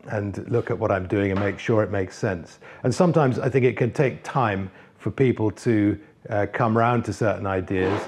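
Hesitant low-voiced man. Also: a little mellow, slight background noise. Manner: hesitant, many fillers and restarts. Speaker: party leader answering member questions. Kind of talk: livestreamed Q&A, reading out messages.

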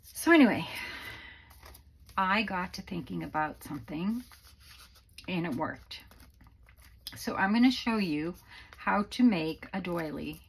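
A woman's voice: on the low side, expressive, unhurried, creaky, pauses often, a little hiss or hum, rough recording. A woman hosting a casual craft tutorial from her home craft room, chatty and rambling with many fillers, a little out of breath. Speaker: craft channel host.

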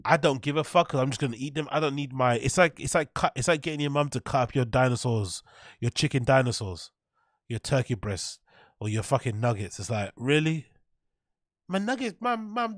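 A man's voice: medium pitch, dry recording, clean studio sound. A man reacting to a cooking video in casual, mocking commentary, sarcastic and profane and laughing at his own jokes.

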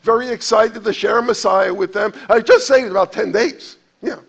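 A pastor preaching a sermon to his congregation, animated, acting out quotes with sudden jumps in pitch and loudness. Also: normal speed, vocal fry, breathy edge.

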